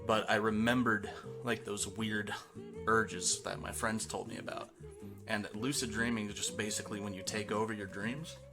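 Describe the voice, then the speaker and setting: Young male streamer, low voice, crude rambling chat, music underneath. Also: steady tone, moderate pace. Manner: crude, laughs often, trails off and restarts. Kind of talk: rambling casual storytelling to a live chat.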